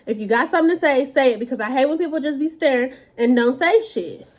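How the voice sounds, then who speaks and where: A woman's voice: sits high, quick pace, a little hiss or hum. A woman vlogger talking while she eats, in a blunt, profane, casual rant. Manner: talks while eating.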